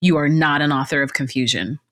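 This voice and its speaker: Woman guest, fitness instructor and coach: low voice, casual, animated storyteller who laughs often. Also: fairly quick. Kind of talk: casual conversational interview.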